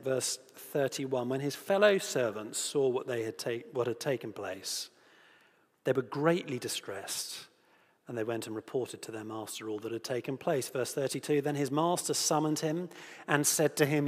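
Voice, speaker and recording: A man's voice: medium pitch, moderate pace. A man preaching a sermon and reading scripture, earnest and given to rhetorical questions. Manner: earnest, asks rhetorical questions, grows animated at moments. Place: church. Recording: long reverb of a large hall.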